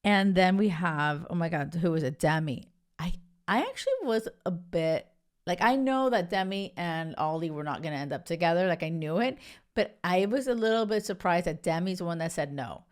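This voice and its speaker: A woman's voice: on the low side, moderate pace. A young woman hosting a podcast, chatting casually and gushing, full of "like" and "you guys". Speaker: podcast host. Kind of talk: casual chat reviewing a reality show.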